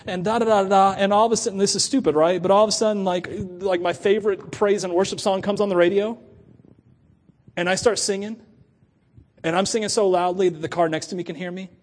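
A middle-aged man preaching a sermon to his church in a chatty, animated way, laughing often and acting out quoted voices. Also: high-pitched, a little fast. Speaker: pastor.

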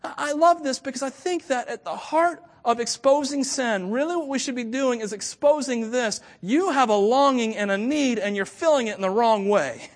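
A man preaching a storytelling sermon, animated, with frequent chuckles and stammered restarts. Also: very high voice, normal speed, hardly any pauses. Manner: chuckles often while talking.

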